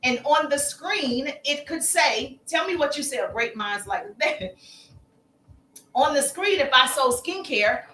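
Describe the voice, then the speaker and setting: A woman business coach teaching on a live stream, energetic and repetitive, calling listeners "baby". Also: high-pitched, slow, roomy sound.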